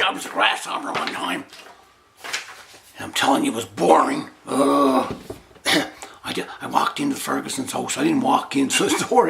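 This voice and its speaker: Gravelly man rambling about his tall tales. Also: medium pitch, normal speed, pauses often, a little hiss or hum. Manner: deadpan repeating of "boring", laughing at his own tall tales. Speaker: storyteller commenting on his own stories. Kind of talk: rambling comic monologue.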